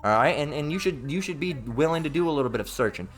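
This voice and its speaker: A man's voice: fairly high pitch, lively intonation, fast talker. A man giving an informal Bible lesson, blunt and emphatic, who swears freely and keeps checking in with "all right?". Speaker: religious teacher.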